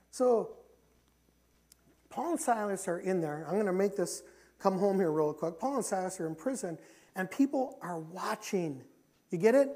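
The preacher, a middle-aged man whose voice sits high, addresses a church sanctuary with emphatic conviction. Key phrases return again and again as his volume rises and falls.

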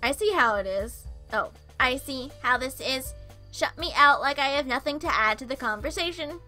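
A huffy, sassy male robot bird, all melodrama and wounded pride, as a woman puts him on. The voice is high and bright, and he sulks through every line of the game. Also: lively intonation, moderate pace, faint music behind. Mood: sassy, melodramatic.

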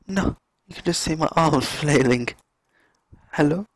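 Gravelly young man streaming a game. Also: a little high, slow, long pauses, no room sound, rough recording. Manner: excitable, exclaiming and cursing at the game. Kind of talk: live gameplay commentary.

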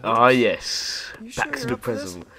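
A man's voice: mid-range voice, wildly swooping pitch, slow, a crowd in the background. Sweary sarcastic gaming guy. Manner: sarcastic, sweary running commentary. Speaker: gaming YouTuber. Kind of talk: gameplay commentary.

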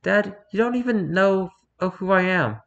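A man voicing a guilt-ridden adult daughter, lifting his voice and speaking softly and pleadingly in a storybook reading. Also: medium pitch, lively intonation, normal speed, highs cut off, voice pushed up.

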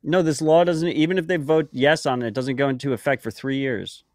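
A man's voice: mid-range voice, steady tone, a little fast, a little mellow, no echo, studio quality. A man co-hosting a podcast in casual chat, talking in a profane, rambling way full of fillers like "like" and "um". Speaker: podcast co-host.

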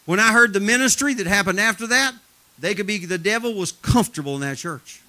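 A man preaching a live sermon in a church, telling stories in a folksy way, swinging from loud emphatic shouts to low, intense tones and laughing at his own stories. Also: fairly quick. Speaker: traveling preacher. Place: church sanctuary.

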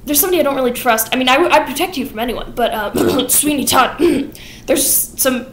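A woman's voice: high voice, fairly quick, fairly bright tone, a little hiss or hum, pitched above the performer's own voice. A woman voicing a timid, loyal boy helper who talks in a hesitant, earnest way.

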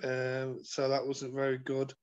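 A man telling his life story as an interview guest, earnest and halting, with many fillers and restarts. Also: medium pitch, monotone, clear, resonant tone, dull audio. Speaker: guest sharing his testimony. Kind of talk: personal testimony in conversation.

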